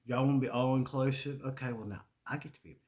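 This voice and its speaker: A man's voice: mid-range voice, fast, a little mellow. A Southern man in his forties, telling stories in a rambling casual monologue, swearing and restarting often. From Charlotte, North Carolina. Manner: profane, rambling, frequent restarts and laughter. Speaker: podcast host.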